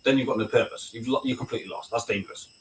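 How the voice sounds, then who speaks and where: A British army veteran guest fires off his words rapidly in a medium-pitched voice with fairly even intonation during a casual video-call chat. He's blunt, candid, free with swearing, and fond of asking "right?" Faint noise and a distant mic mark the audio.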